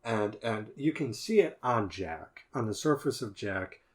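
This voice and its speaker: A man's voice: fairly low pitch, lively intonation, a little slow. A man co-hosting a podcast, thinking aloud as he analyzes horror films in a casual discussion. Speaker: podcast co-host.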